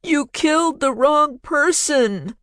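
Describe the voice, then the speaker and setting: A frightened man whose desperate cry rings out high and shrill in an audiobook. The voice lands far above the reader's own. It comes across dry and close. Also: lively intonation, slow, fairly bright tone, no room sound, full character voice. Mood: panicked. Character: frightened man's remembered cry, echoing.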